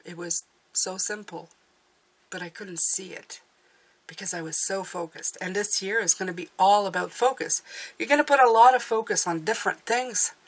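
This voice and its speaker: A woman's voice: mid-range voice, moderate pace. A woman giving a casual tarot reading to her viewers, encouraging and often checking in with "okay?". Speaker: tarot reader.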